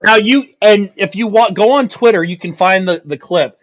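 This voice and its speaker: High-voiced excitable man, lo-fi audio. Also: moderate pace, crowd noise. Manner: excitable, laughs often, swears casually. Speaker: co-host. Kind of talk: casual sports chat.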